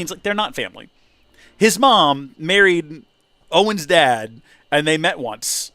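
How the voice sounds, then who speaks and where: A man's voice: sits high, expressive, a little slow, bright, forceful tone, dry recording. A man casually commentating a game livestream, rambling animatedly and acting out quotes. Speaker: let's play streamer.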